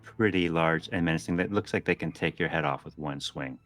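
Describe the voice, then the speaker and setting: A man narrating as game master of a tabletop game, relaxed and describing the scene. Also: extremely low pitch, a little fast, faint music behind.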